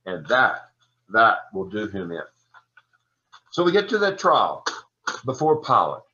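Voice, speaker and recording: A man teaching an adult Sunday school class, lecturing on scripture in a relaxed, chatty way with folksy asides. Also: lowish voice, a little slow, long pauses. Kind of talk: conversational Bible lecture. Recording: dull lo-fi recording.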